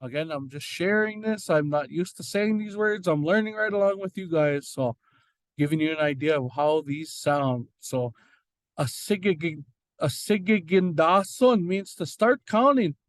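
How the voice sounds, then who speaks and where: A man teaching an informal language lesson, slowly repeating and sounding out words, with frequent fillers. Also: a little high, lively intonation, no room sound. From Red Lake.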